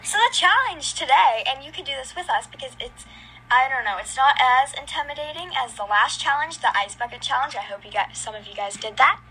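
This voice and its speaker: A woman's voice: high-pitched, lively intonation, a little fast, bright, forceful tone, a little hiss or hum, low-quality recording. A young female podcast co-host chatting casually, giggly and playful. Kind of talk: casual chat.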